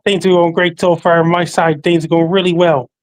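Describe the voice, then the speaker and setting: A man appearing as a podcast guest, talking in a flat recital that lists facts, dates and handles one by one. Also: fairly high pitch, brisk. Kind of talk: casual call-in chat.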